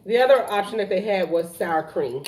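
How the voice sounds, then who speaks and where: A woman's voice: mid-range voice, lively intonation, moderate pace. A middle-aged woman hosting a family mukbang, chatting and laughing as she asks her family questions while they eat. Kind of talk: casual chat while eating. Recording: roomy sound from a distant mic, faint noise.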